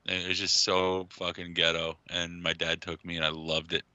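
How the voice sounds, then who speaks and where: A man co-hosting a casual podcast, talking excitably, swearing and laughing a lot. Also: sits low, normal speed, clear, resonant tone, no echo, highs cut off. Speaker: podcast co-host. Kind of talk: casual chat.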